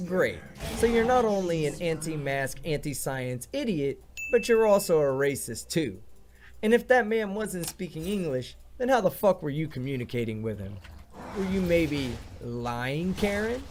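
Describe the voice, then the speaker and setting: A man's voice: a little high, sing-song, moderate pace, darkish tone, slight background noise. A man hosting a reaction video, delivering sarcastic commentary full of blunt, profane insults. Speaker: video host reacting to clips.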